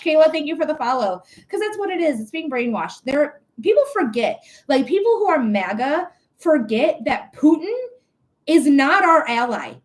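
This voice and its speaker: Blunt, outspoken woman on a live stream. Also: sits high. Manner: blunt, outspoken, swears freely; animated, quick asides to viewers. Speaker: psychic reader hosting a live stream. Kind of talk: casual live-stream chat.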